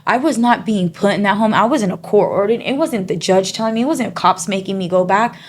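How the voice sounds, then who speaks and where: An earnest woman telling her own story as an interview guest, in a mid-pitched voice. Her talk stops and starts, padded with "you know" and "like" as she works through each thought. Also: slight background noise. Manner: halting, full of 'you know' and 'like' fillers; earnest and emotionally open. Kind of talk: candid personal faith testimony.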